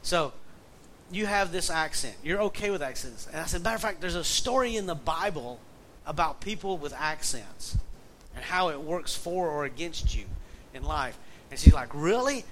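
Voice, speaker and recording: Man, Southern accent, middle-aged pastor, folksy sermon, slightly high voice. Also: expressive, moderate pace, a bit bright, rough recording. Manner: folksy storytelling, reads scripture aloud. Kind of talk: conversational sermon. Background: faint air conditioner hum.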